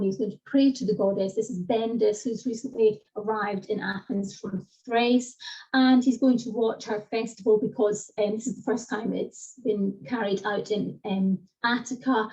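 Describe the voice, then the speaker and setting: A middle-aged woman teaching an online classics seminar, explaining pronunciation in a lively way and speaking directly to her participants. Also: mid-range voice. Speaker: classics lecturer. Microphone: video call. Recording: distant, dull lo-fi video call audio.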